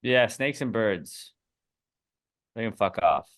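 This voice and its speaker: A man hosting a podcast with joking, rambling talk and deadpan asides, reading listener questions. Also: lowish voice, slow pace. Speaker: podcast host. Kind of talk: casual podcast banter.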